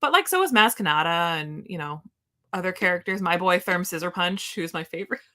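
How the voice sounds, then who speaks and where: A woman co-hosting a podcast in casual chat, excitable and gushing, rambling with lots of fillers. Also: on the low side, fairly quick. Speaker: podcast co-host.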